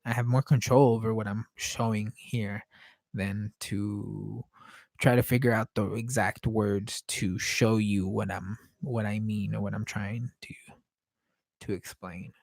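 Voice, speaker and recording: A man whose first language is Spanish thinks out loud in a loose, casual monologue. He hesitates a lot and searches for words, and he swears in an offhand way. His voice sounds close and dry, with no room around it. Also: fairly low pitch, fairly even intonation, a little slow, creaky, no room sound. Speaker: podcast host painting live.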